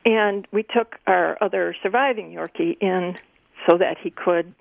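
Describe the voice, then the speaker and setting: Gravelly woman caller on phone line. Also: fairly low pitch, a little slow, no room sound. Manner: eager, chatty storyteller. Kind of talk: phone-in story telling. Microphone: telephone.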